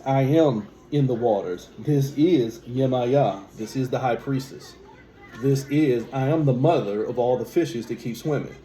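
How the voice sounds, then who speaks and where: Male spiritual teacher, mellow mid voice, emphatic rhetorical delivery, roomy recording. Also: mid-range voice. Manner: emphatic, rhetorical questions, repeats key phrases. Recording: echoey room with faint background hum.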